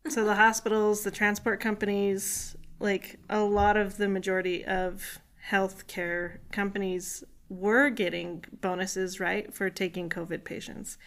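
A woman podcast host, calmly explaining points in a casual interview. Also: medium pitch, a little slow, hardly any pauses.

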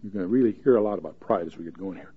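A man's voice: low voice, racing, slightly rough, phone-quality sound. A man giving a verse-by-verse Bible teaching in a folksy, joking way, reading scripture aloud with rising emphasis.

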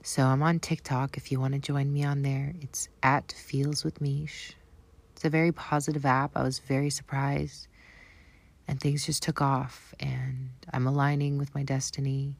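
A woman's voice: extremely low pitch, level tone, moderate pace, gravelly, darkish tone. A Canadian woman with a Canadian accent, talking earnestly and affirmingly in a casual spiritual vlog. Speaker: spiritual vlogger.

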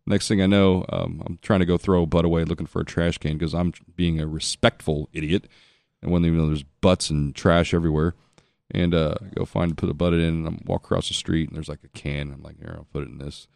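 Brief: man, lowish voice, dry close sound, profane rambling storyteller. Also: fairly even intonation, fairly quick, gravelly, a little mellow, no echo. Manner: profane, rambling, self-mocking. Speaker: podcast guest telling a travel story. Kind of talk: casual storytelling chat.

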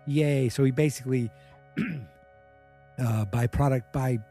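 A man's voice: mid-range voice, slow pace, dark tone, slightly rough, soft background music. A man casually recapping a TV episode, rambling with many fillers and acting out what the characters say.

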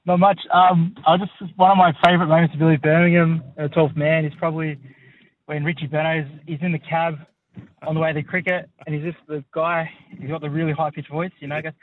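A man's voice: fairly high pitch, flat delivery, brisk, slight background noise. A man with an Australian accent, chatting casually as a caller on a radio show. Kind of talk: casual phone call to radio. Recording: tinny phone line.

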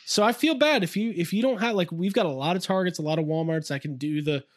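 A man's voice: sits high, fast talker, no echo, studio quality. A man co-hosting a casual chat podcast, rambling, self-interrupting and laughing easily. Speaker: podcast co-host.

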